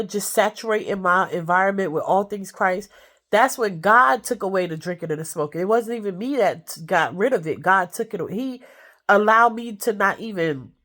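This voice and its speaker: Stuffy grandma chatting from bed. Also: female voice, medium pitch, a bit bright. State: stuffy with a cold. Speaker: vlogger. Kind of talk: casual chat to viewers. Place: in bed at home.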